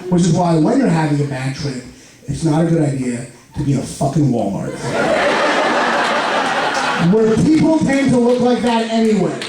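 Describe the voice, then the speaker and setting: A young man with a lisp telling an animated stand-up comedy story on a club stage, jumping into loud, high outbursts. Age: young adult. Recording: echoey club, far mic, laughing crowd. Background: audience laughter.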